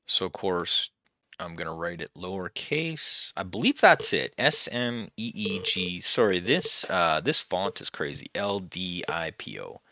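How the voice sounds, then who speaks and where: Gravelly low-voiced gaming host. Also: male voice, expressive, unhurried, no room sound, muffled recording. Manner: chatty, reads game text aloud, thinks out loud. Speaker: let's-play host. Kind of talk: casual gameplay commentary.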